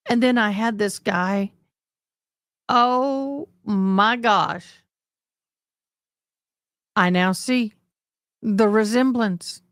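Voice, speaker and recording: A woman's voice: medium pitch, no room sound, clean studio sound. A woman from Tennessee with a mild Southern accent, hosting a casual livestream chat with viewers in a rambling, talkative way and now and then slipping into playful put-on accents. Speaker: livestream host.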